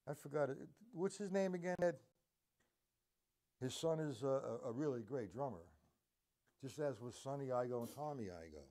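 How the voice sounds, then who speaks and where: A man's voice: mid-range voice, mellow. A man teaching a live drum lesson, rambling between points and counting beats aloud as he plays.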